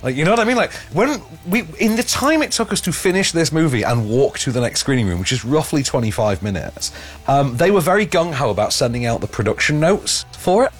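Sarcastic, husky English man. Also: on the high side, animated, brisk, soft background music. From England. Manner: sarcastic, rambling with many restarts. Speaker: film review podcast host. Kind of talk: casual chat.

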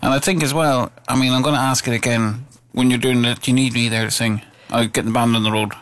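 A man's voice: mid-range voice, steady tone, fast talker, fairly bright tone, dry recording. A man hosting a local radio show, chatting casually in a jokey, rambling, self-deprecating way. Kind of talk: casual chat.

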